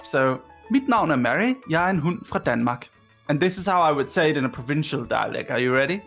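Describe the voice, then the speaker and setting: Danish woman, pretty low voice, chill and amused explaining stuff, faint music under. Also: expressive, fast, gravelly. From Denmark. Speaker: guest language teacher. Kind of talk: casual chat.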